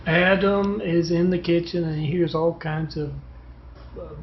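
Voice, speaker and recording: A man's voice: on the high side, fairly even intonation, a little slow, highs cut off, a little hiss or hum. A man telling rambling, digressive stories and parables, recorded on a phone. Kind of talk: rambling spoken storytelling.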